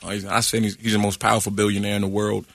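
A smooth-talking celebrity drawls punchlines and needles the room with a cocky "huh?", as a male comedian puts him on. The voice is bright and husky and sits close and dry, with little room around it. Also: on the low side, little pitch movement, fast talker, dry recording. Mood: joking. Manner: drawling, keeps tagging lines with a teasing "huh?". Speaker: comedian guest. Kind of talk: comic celebrity impression on morning radio.

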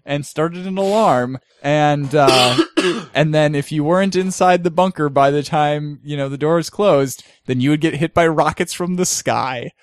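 A man's voice: a little high, unhurried, no room sound. Man, podcast host, easygoing gaming chat, dry close mic. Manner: relaxed, laughs often, tells stories animatedly.

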